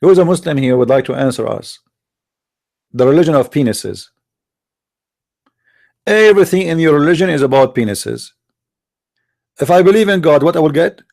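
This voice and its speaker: A fairly high, expressive, slightly mellow voice with vocal fry speaks at normal speed, pausing often. The man hosts an online stream, debating callers over a computer mic and mocking opponents with sarcastic, taunting rhetorical questions in a polemic monologue.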